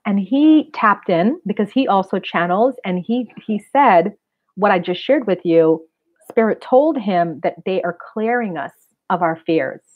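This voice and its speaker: A woman's voice: medium pitch, expressive, unhurried. A woman in her forties, a spiritual reader and wellness center owner, chatting casually and earnestly with her live-stream viewers and addressing them directly. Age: 40s. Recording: tinny phone-like sound.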